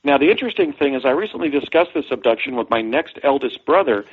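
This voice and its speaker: A man in his fifties with a husky voice, an interview guest, telling a personal story in a measured, deliberate way. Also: mid-range voice, animated. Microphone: phone call. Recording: tinny phone line.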